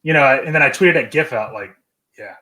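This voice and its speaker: A man's voice: a little high, animated, a little fast, sharp tone. A man joining a casual stream chat as a guest, laid-back, cursing and laughing as he tells stories. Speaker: guest co-host.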